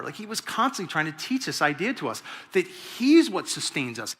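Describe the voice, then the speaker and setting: A male pastor preaches in a bright, forward voice that sits a little high for a man. He talks in a conversational way and acts out the people in the story. His voice rings with the long reverb of a large church hall. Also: big pitch swings, moderate pace. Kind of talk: sermon.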